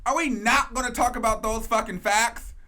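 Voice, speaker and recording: A man's voice: extremely high pitch, moderate pace, pushed and bright. A man hosting a gossip commentary show, ranting in a sassy, profane, emphatic way and repeating phrases for emphasis.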